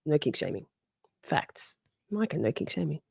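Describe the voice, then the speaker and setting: A woman's voice: low voice, very animated, moderate pace, gravelly, breathy edge, no room sound, clean studio sound. A woman hosting a casual livestream, chatty and sassy, reading out viewer comments, answering them, laughing often and swearing freely. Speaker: livestream host.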